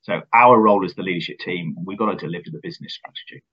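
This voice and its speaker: A man speaking as a company finance chief in an interview, measured and earnest, often repeating words as he starts. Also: low voice, breathy edge, dull audio. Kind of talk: business interview answers.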